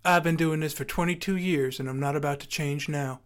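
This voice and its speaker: A man's voice: fairly high pitch, steady tone, a little fast. A man telling a first-person story with acted dialogue in a dry, wry, articulate way, and hosting his podcast.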